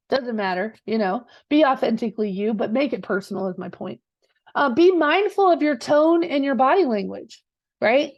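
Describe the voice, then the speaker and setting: Woman, real estate coach, fervent motivational speaker, slightly high voice, lo-fi audio. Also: a little mellow. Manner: passionate, preachy, Southern-casual with "y'all" and "girl".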